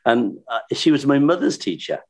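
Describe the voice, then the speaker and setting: An older man, a singer and entertainer, reminiscing in casual chat with animated, laughing anecdotes. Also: mid-range voice, normal speed. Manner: anecdotal, animated, laughs while telling stories.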